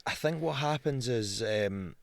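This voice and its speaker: A Scottish man in his thirties, a guest on a podcast, telling lively stories in casual chat, swearing freely and acting out the voices of people he meets. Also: medium pitch, a little slow, vocal fry, dry recording. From Scotland. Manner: animated storyteller, swears a lot, acts out quotes. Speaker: guest, pro fighter.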